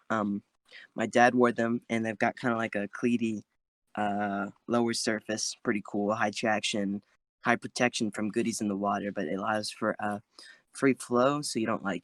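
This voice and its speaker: On a podcast with friends, a man calls in from his closet and rambles playfully, peppering his speech with "um" and "like." His voice is on the low side yet fairly bright in tone, with fairly even intonation, normal speed, and no echo.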